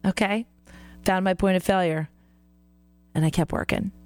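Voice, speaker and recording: A woman's voice: medium pitch, fairly even intonation, moderate pace, darkish tone, no room sound. A woman hosting a faith-based radio show, talking earnestly and encouragingly, with frequent laughs.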